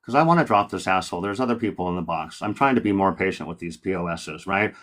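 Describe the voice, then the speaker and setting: A man's voice: low-pitched, fast, fairly bright tone. Combative, profane debate host, a man. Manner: combative, profane, talks over the guest. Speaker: live-stream debate host. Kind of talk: heated live-stream debate.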